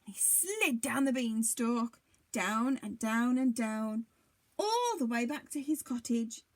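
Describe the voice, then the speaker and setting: A teacher reading a storybook aloud to young children in an expressive, dramatic way. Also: female voice, fairly high pitch, slow.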